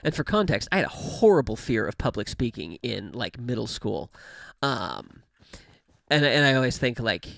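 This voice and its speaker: A game streamer talks casually into a close studio mic with a pop filter, the pitch bouncing widely from low to high. The voice has a gravelly, fried edge, and the sound is dry with no room around it. The talk rambles with fillers and restarts, broken up by frequent laughter. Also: very animated, normal speed, no room sound. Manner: rambling, many fillers and self-corrections; laughs often while talking. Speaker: gaming livestream host. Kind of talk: casual chat while livestreaming a game. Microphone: studio microphone with pop filter.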